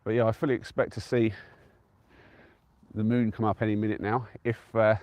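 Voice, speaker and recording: A man's voice: fairly low pitch, level tone, fairly quick, darkish tone, no room sound. A man from England chatting casually on a live stream from an open hilltop, easygoing and answering viewers' comments as he goes. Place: outdoors on a windy-free open hilltop at a trig point.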